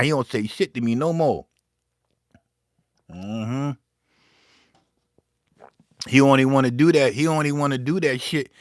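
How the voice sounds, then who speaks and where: Beatmaker host, profane and rambling, mid-pitched and dry. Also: male voice, dry recording. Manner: profane, rambling, animated storyteller. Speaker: beatmaker streaming live. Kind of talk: casual chat while making beats.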